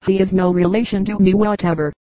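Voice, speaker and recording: A woman's voice: medium pitch, steady tone, fast talker, dark tone, dry recording, natural voice, poor audio. A woman voicing a rambling, matter-of-fact male commercial traveler in an audiobook.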